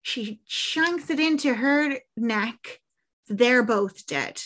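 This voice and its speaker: An Irish woman chatting casually, telling a film's story in an animated way with lots of fillers. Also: on the high side, takes it slowly. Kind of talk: casual film recap chat.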